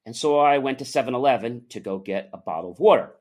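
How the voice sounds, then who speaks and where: An animated man recounts a personal story as an interview guest, his pitch rising and falling across a wide range. He sits in an ordinary middle pitch and slips into the voices of the people he describes. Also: fast.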